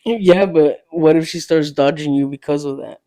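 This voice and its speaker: A man's voice: on the high side, moderate pace, warm tone. A man as a guest on a podcast, answering with short, laid-back replies in casual chat.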